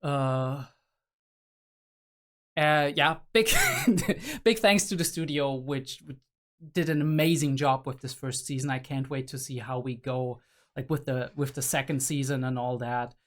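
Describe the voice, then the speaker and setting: A man's voice: mid-range voice, fairly even intonation, measured pace. A young adult man hosting a reaction video, musing aloud in a casual, rambling way with many fillers and restarts.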